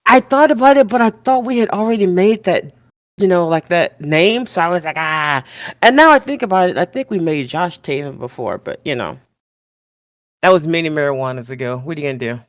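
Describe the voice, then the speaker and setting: A man's voice: a little high, expressive, brisk, dry recording. Man, podcast co-host, jokey and incredulous, dry close sound. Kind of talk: casual podcast chat.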